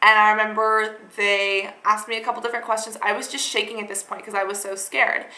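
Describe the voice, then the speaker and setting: A woman's voice: mid-range voice, level tone, fairly quick, bright, forceful tone, echoey room, rough recording. A young woman vlogger rambling through a dramatic storytime retelling, full of fillers. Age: young adult. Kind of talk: storytime vlog.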